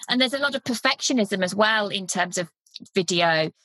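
A woman's voice: mid-range voice, lively intonation, moderate pace, pushed and bright. A woman hosts a podcast interview with a mid-range voice. She is enthusiastic and affirming toward her guest, and her sound is dry with no room echo. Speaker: podcast host.

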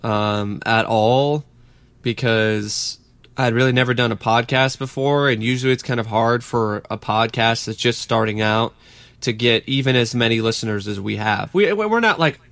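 A man's voice: mid-range voice, normal speed, vocal fry, fairly bright tone, no room sound. A man co-hosting a podcast, easygoing and plain-spoken. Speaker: podcast co-host. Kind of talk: casual podcast chat.

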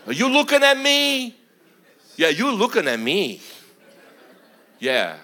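A man's voice: high-pitched, wildly swooping pitch, takes it slowly, bright, forceful tone, pitched above the performer's own voice, exaggerated voice. A man voicing a confrontational, swaggering tough guy with a New Jersey accent. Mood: pushy, brash.

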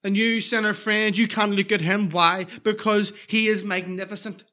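A man's voice: high-pitched, flat delivery, moderate pace, bright, forceful tone, dull audio. A man preaching an evangelistic sermon in a church, earnestly pleading with repeated questions.

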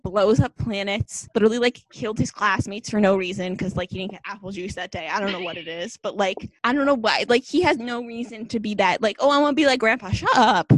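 The fired-up young woman co-hosting the podcast keeps ranting casually, leaning hard on "like." Her voice is medium-pitched, recorded at low quality with no room sound.

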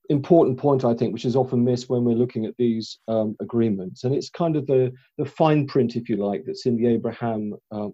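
A man's voice: medium pitch, mellow. A man speaking last on a panel, hesitant with many ums. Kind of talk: panel talk. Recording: muffled, dull audio.

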